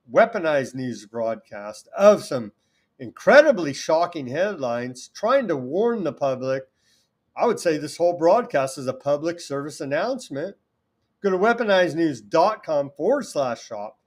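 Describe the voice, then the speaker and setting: A man from California hosting a political talk show, delivering sarcastic, indignant commentary. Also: on the high side. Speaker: host.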